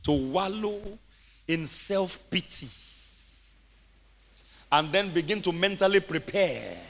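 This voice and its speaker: A male pastor with a high, bright voice preaches a sermon in a church. He laughs easily and builds up to shouted, ringing exclamations. The sound carries a long hall reverb. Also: animated, takes it slowly, vocal fry, a little hiss or hum.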